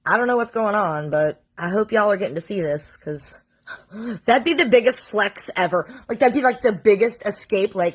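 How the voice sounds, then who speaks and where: A woman in her forties, a mother, casually telling a long family story into her phone, chatty and full of "like". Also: medium pitch. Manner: casual, chatty, sprinkles in "like" and mild swearing. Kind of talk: storytime vlog.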